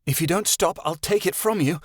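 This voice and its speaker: A man voicing a sharp-tongued, irritable young pregnant woman who talks in a sharp, scolding way. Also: high-pitched, fairly quick, no echo, clean studio sound, pitched above the performer's own voice. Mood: irritated.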